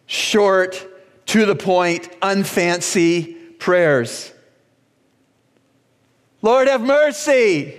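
A Bahamian pastor preaching a sermon, slow and deliberate, with dramatic pauses and sudden raised cries. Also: male voice, on the high side. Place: church sanctuary. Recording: long church reverb.

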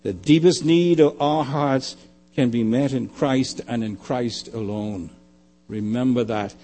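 A man preaching a sermon, emphatic and repetitive, often dropping to a quiet low. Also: measured pace, soft background music. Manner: emphatic, repeating phrases, dropping to quiet lows.

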